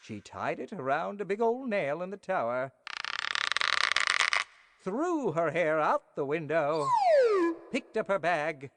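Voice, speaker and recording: Playful kids' storyteller, lively pitch, unhurried, long hall reverb. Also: heavy background noise. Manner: playful, addresses listeners directly. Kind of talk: reading a bedtime story to children.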